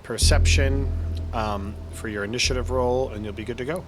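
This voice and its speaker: A man narrating as game master, relaxed and patiently explaining the rules. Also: mid-range voice, moderate pace, noisy background.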